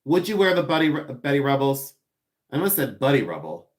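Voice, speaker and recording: A man running a casual live stream as he unboxes items. He chats loosely and giggles a lot, answering his viewers as he goes. His voice sits at an ordinary middle pitch for a man. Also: sing-song, fairly quick. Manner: chatty and giggly, reading viewer comments aloud; playful, repeats words for fun. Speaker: live-stream seller and host.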